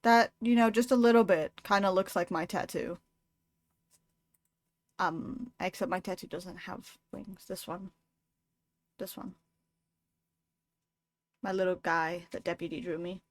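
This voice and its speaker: A young adult woman chatting casually to her stream while she crochets, excitable and quick to swear. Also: on the low side.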